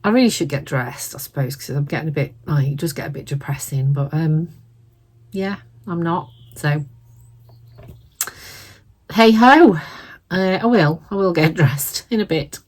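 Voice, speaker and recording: A middle-aged woman with a slightly low voice, croaky and hoarse from a lingering cold. She chats in a rambling, self-deprecating way, clearing her throat now and then as she works on a craft project at home. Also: unhurried, pauses often. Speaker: crafting channel host. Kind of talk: casual chat while crafting.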